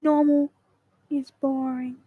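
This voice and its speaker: Slow, theatrical high-voiced woman. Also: flat delivery, no echo, phone-quality sound. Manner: slow, theatrical, emphatic delivery. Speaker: vlogger. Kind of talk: dramatic motivational monologue to camera. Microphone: camera mic.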